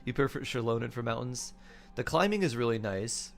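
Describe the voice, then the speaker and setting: A man's voice: medium pitch, expressive, fairly quick, creaky. A man streaming a game, chatting casually, laughing often and reading his chat aloud. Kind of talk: casual gameplay commentary. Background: faint game music.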